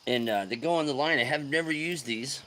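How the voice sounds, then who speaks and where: A man hosting a fishing livestream, chatting casually and loudly greeting viewers with slang. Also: medium pitch, brisk, a little hiss or hum. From California.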